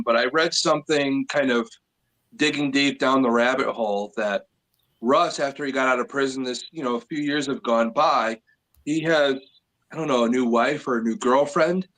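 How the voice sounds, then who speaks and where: A man's voice: medium pitch, normal speed, a bit bright, poor audio. A man co-hosting a true-crime podcast, chatting casually and passing along a surprising tidbit. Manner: conversational, shares gossip-like tidbits.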